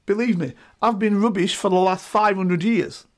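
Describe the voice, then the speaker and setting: As a guest in a relaxed conversation, a middle-aged man talks in an animated, emphatic manner and keeps asking "right?" His voice sits high and moves at normal speed.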